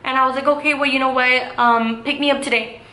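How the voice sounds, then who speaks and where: A woman's voice: sits high, fairly even intonation, fast talker, pushed and bright. Chatty young woman in echoey room. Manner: chatty, full of "like" and "um" fillers. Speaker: vlogger. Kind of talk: casual story time. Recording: echoey room with faint hiss.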